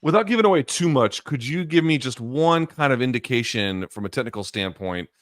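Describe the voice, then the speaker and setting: A man's voice: mid-range voice, lively intonation, a little fast, a bit bright, no echo. Male interview host, hedging and rambling, dry call audio. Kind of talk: casual interview.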